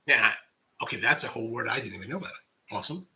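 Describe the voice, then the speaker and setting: Bright-voiced man chatting on a livestream. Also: mid-range voice, rapid-fire. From United States. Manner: rambling, many restarts, animated asides. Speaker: coffee channel host. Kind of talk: casual livestream chat reading viewer comments.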